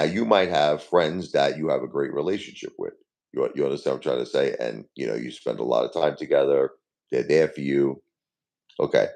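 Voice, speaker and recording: Grieving male live-stream host in his forties, very deep and gravelly, rambling and repetitive. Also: darkish tone. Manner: repeats himself, talks straight to chat viewers by name. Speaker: livestream host. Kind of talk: casual live-stream talk to viewers.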